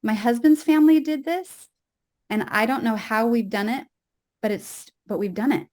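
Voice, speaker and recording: A woman's voice: a little high, normal speed, darkish tone. A woman guest on a podcast who is a mother, speaking earnestly and firmly in casual conversation.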